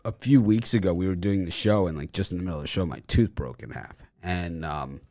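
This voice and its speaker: Deep voiced guy hosting a betting picks show, rambly casual talk, swollen mouth after dental work. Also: fairly quick, a little mellow. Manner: rambling, loose, with many fillers and restarts. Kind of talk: casual chat.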